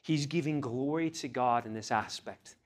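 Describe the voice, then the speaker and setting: A man's voice: mid-range voice, normal speed. A young man preaching a sermon, reading scripture aloud and pressing his listeners with earnest questions, rising in emphasis on key phrases. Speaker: pastor.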